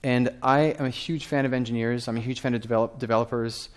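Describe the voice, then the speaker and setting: A man in his thirties giving a lively conference talk from a stage, often asking the audience questions. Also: medium pitch, fast, clean tone. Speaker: conference speaker.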